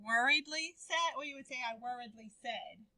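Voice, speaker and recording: A woman teaches young writers, calling on each child by name with encouragement. Her voice sits high and rings very bright. The sound is dry and close. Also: moderate pace, no echo, low-quality recording. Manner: encouraging, calls on students by name. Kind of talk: classroom writing lesson.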